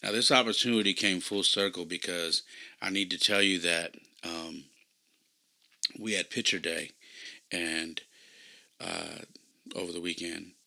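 A man with a very low voice and a gravelly edge tells a personal story in an earnest, reflective monologue. His tone is forceful and tense as he hosts his podcast and recounts his coaching. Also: steady tone, a little slow, pauses often. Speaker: podcast host and youth baseball coach.

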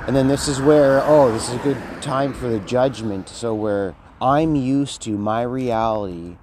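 A man's voice: mid-range voice, unhurried, a little mellow. A man talking in a rambling, slangy monologue, tossing in "dude" a lot as he vlogs. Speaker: vlogger. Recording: outdoor street noise.

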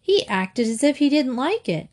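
A woman's voice: sits high, big pitch swings, normal speed, a little mellow, voice pushed up. A woman voicing a timid, fretful young girl in a storybook reading. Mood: worried.

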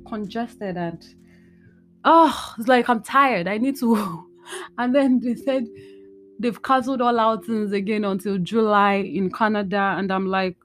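A woman's voice: medium pitch, normal speed, soft background music. A woman hosting a casual solo podcast, tired and emotional, rambling and mixing in Yoruba phrases. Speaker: podcast host. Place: indoors at home.

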